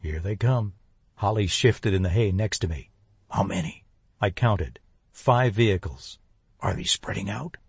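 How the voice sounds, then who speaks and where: A man voicing a quiet, laconic male ally, speaking low and hushed. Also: a little slow, husky, dry recording.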